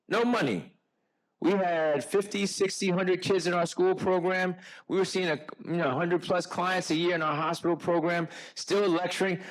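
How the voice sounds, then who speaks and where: A middle-aged man addresses an audience in an earnest, conversational way. His voice sits in a middle pitch. He tells personal stories and often restarts his sentences. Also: poor audio. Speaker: physician and author speaking at a book discussion. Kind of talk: informal talk to an audience.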